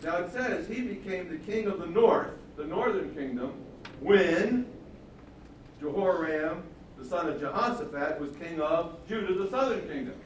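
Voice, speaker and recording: A man's voice: high voice, expressive, moderate pace. A man teaching the Bible in a conversational sermon, with casual, chuckling asides and questions to the listeners. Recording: echoey hall from far off, faint noise.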